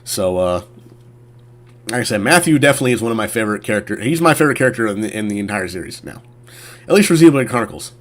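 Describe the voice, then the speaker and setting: A man's voice: on the low side, animated, fast talker. A man who streams games, chatting casually on camera and rambling with many fillers and restarts. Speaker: gaming streamer. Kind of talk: casual chat.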